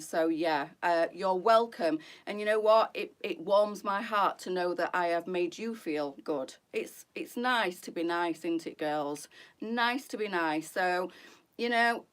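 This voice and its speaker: Chatty heartfelt woman streaming live. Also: medium pitch. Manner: chatty and heartfelt, addresses viewers as girls. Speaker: boutique owner hosting a live try-on stream. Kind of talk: casual live-stream chat.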